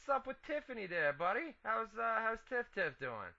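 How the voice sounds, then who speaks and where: A man with a bright, forceful voice co-hosts an internet radio show. He keeps up a teasing, profane patter, needling his partner and tossing in "buddy" again and again. The audio is dull and lo-fi. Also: high-pitched, big pitch swings, moderate pace, vocal fry. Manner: teasing, repeats "buddy", laughs often. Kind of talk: casual profane banter.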